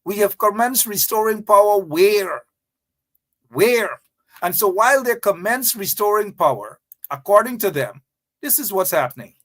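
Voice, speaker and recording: A man with a fairly high voice hosts a political commentary show. He mocks with sing-song repetition and teasing asides. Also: lively intonation, normal speed, a bit bright.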